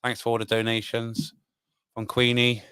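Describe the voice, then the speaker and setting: A man's voice: mid-range voice, completely flat delivery, normal speed, bright, forceful tone, clear, resonant tone, dry recording. A man with a British accent hosting a laid-back livestream, chatting and thanking his viewers one by one. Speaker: livestream host. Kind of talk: casual livestream chat.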